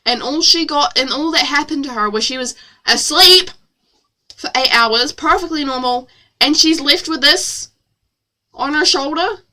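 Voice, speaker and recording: A woman's voice: sits high, a little slow, pushed and bright. A woman reading her own novel aloud as a streamer, with playful, self-mocking asides.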